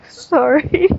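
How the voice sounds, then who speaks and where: A woman from the southern United States, a podcast guest in casual chat who rambles and laughs often. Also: very high voice. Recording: dull lo-fi audio.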